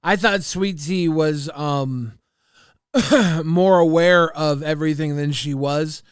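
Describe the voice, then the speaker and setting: A man's voice: fairly high pitch, slow pace, clean tone, no room sound, clean studio sound. A man co-hosting a livestream, talking casually, defensive and emphatic with profanity. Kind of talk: casual stream chat.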